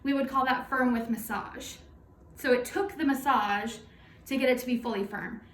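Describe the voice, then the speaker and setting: A high-voiced woman, a night nurse, talks a little out of breath through a face mask, teaching a nursing simulation in a chatty, informal way full of fillers. She sounds distant from the mic, in a roomy space with some echo and a faint hiss behind her. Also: moderate pace.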